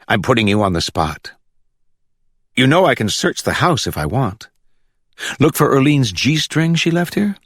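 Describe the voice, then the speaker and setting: A man's voice: medium pitch, big pitch swings, measured pace, pauses often, a bit bright, husky, dry recording, clean studio sound, voice pushed up, exaggerated voice. A man voicing a tough woman officer who presses a suspect with coaxing questions, in a storybook reading. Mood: pressing. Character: probing, streetwise woman officer.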